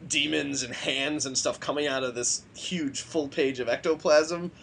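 A man co-hosting a casual chat about comics, recounting a story loosely with many "like"s and pauses. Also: on the high side, steady tone, gravelly, a bit bright, a little hiss or hum.

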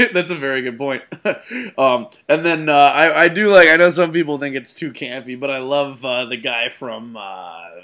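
A young man co-hosting a casual podcast about movies, laughing often and getting animated. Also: mid-range voice, normal speed. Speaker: podcast co-host.

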